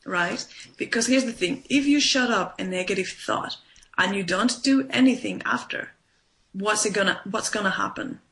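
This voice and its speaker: This woman has a medium-pitched, fairly bright voice and talks at a normal speed. Interviewed conversationally about her life-coaching method, she drives points home emphatically, repeating them and peppering in "right?" and "you know."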